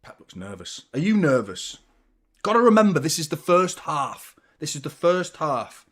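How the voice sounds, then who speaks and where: A man's voice: on the high side, very animated, unhurried, a bit bright, breathy edge. Young man, casual live football watchalong, chatty, reacts to the match, thanks viewers by name. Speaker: fan channel host.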